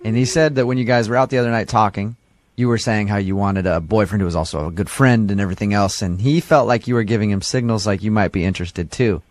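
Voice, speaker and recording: A man's voice: lowish voice, a little mellow, no room sound. A man hosting a morning radio show, teasing and playful as he banters and makes a prank call.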